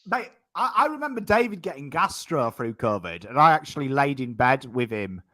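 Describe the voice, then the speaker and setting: An English man in his thirties, co-hosting a casual chat and telling stories in an animated way, swearing freely. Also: medium pitch, moderate pace, no echo. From England. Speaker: co-host.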